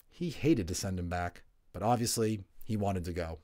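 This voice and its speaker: A man narrating a children's novel aloud in an expressive, lively storytelling manner. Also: deep voice, fairly quick, few pauses. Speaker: audiobook reader.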